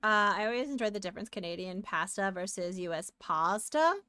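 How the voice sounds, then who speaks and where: A woman's voice: mid-range voice, lively intonation, fairly quick, hardly any pauses, bright, forceful tone, clear, resonant tone. An American woman streaming live, chatting casually and giggling while she works. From United States. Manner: chatty and giggly, hums and sings along.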